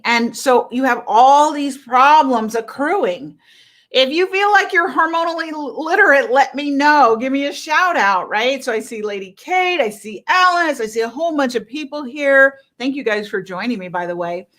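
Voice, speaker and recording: Talking to viewers live, this middle-aged health coach has a fairly high, a bit bright voice. Her delivery is forceful and convincing, and she keeps punctuating her points with "right?".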